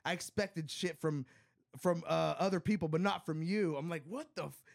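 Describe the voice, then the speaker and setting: A man's voice: a little high, fairly even intonation, normal speed, creaky. A man on a casual podcast, telling a long story in a rambling, profane way, full of "like" and "bro". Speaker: podcast co-host. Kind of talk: casual chat.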